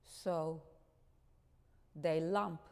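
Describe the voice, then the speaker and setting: A woman playing a grave, gentle older man who speaks slowly and patiently to a friend, with the long reverb of a church hall. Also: low-pitched, fairly even intonation, clear, resonant tone, pitched below the performer's own voice, exaggerated voice. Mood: gentle, earnest. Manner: slow, patient, quietly insistent.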